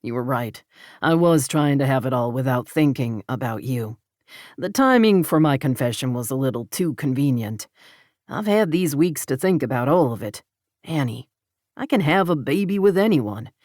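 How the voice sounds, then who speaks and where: A man's voice: mid-range voice, expressive, normal speed, darkish tone, no echo, clean studio sound, lightly acted. A woman voicing a lovesick rancher man, earnest and pleading, in an audiobook romance.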